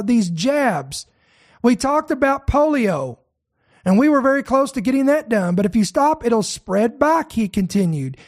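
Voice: mid-range voice, a little mellow. A podcast host giving news commentary, reading articles aloud. The host stops often to stress single words and repeats phrases while talking.

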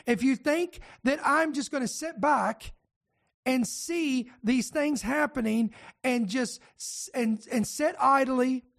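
A man's voice: very high-pitched, slow, creaky, a bit bright. A man preaching a podcast sermon, fervent and emphatic, firing off rhetorical questions and warnings.

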